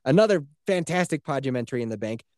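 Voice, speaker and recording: A man co-hosting a casual podcast, talking in a profane, animated way and laughing often. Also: mid-range voice, fast talker, no room sound, clean studio sound. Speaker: podcast co-host.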